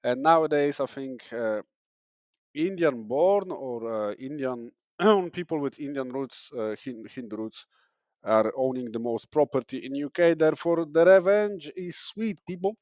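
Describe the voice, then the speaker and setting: A man's voice: medium pitch, lively intonation, unhurried, a little mellow, dry recording, lo-fi sound. A young man from Poland, hosting a comedic podcast in a sarcastic, rambling way with many fillers and restarts. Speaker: podcast host. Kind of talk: casual comedic monologue.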